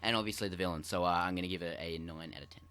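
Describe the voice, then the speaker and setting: A man co-hosting a casual film review podcast, excitable and full of quick restarts. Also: sits low, clear, resonant tone. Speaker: podcast co-host.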